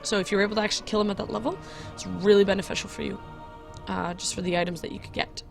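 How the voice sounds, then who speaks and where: Woman, game video host, casual commentary, chatty, giggly, self-correcting, soft background music. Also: medium pitch, big pitch swings, rapid-fire, creaky.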